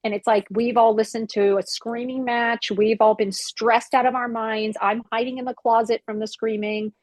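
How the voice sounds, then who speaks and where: A woman's voice: fairly high pitch, little pitch movement, moderate pace, hardly any pauses, dry recording. A woman in her fifties, a podcast guest, telling a personal story in a frank, emphatic way and acting out old arguments. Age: 50s.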